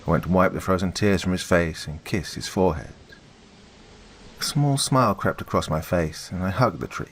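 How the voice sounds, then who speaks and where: A man with a very deep voice reads a first-person horror story aloud. He keeps a steady, grave delivery. A faint hiss sits under the recording. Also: moderate pace. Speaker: narrator. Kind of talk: scripted horror narration.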